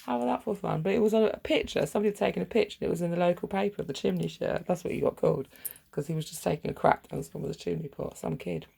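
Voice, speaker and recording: A middle-aged woman vlogging in a rambling, profane, sardonic monologue with a gravelly, husky voice. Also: lowish voice, racing, dark tone. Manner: profane, sardonic, wandering storytelling.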